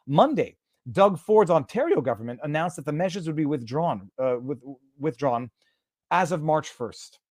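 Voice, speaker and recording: A man hosts a casual live stream, reading text aloud and translating it on the fly. His voice sits slightly high and his delivery is sarcastic. The sound is close and dry. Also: expressive, moderate pace, a little mellow, no room sound. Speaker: host.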